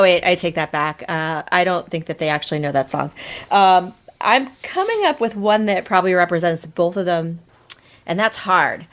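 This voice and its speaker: A woman from Boston, a guest on a podcast, chatting casually with laughing, self-deprecating asides. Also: lowish voice. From Boston, USA.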